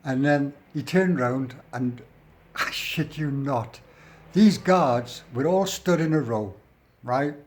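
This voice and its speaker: A man's voice: medium pitch, slow pace, slight background noise. Middle-aged english bloke rambling thru his story, blunt and sweary, keeps saying we gets and i goes. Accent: English, working-class. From England. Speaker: storyteller recounting his prison life. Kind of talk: casual spoken storytelling.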